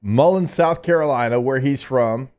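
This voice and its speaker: A man co-hosting a sports radio show, chatting quickly and rattling off player stats. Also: mid-range voice, a little mellow, clean tone. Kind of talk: casual sports talk.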